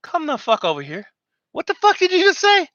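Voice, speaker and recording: A man playing a furious tough Marine gunnery sergeant who shouts and swears. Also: extremely high pitch, huge pitch swings, brisk, no echo, highs cut off, voice pushed up, full character voice. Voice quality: shouting, profane.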